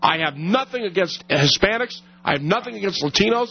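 A man hosting a heated call-in debate on the radio, his voice hoarse, husky and gravelly. He interrupts and repeats himself as he presses his point, pitched a little high for a man. The sound is a muffled, lo-fi broadcast. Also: lively intonation, fairly quick. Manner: combative, interrupting, stammering restarts. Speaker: radio talk show host.

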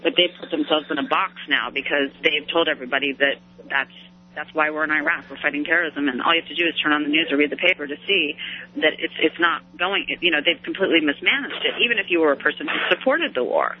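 Fast-talking woman on a dull line. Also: low-pitched, a little hiss or hum. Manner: rapid, with many fillers and restarts. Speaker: political commentator guest. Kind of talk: radio talk show discussion.

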